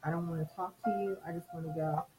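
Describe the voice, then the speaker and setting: A middle-aged woman sharing a personal story in a soft-spoken, reflective way. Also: on the low side, steady tone, quick pace, background noise. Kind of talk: personal testimony talk. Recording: music playing clearly behind.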